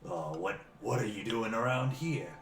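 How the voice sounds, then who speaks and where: A man voicing a menacing, fire-bellied male ogre who talks slow and gruff. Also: lowish voice, lively intonation, recorded from a distance, pitched above the performer's own voice, lightly acted. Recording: roomy echo, faint music.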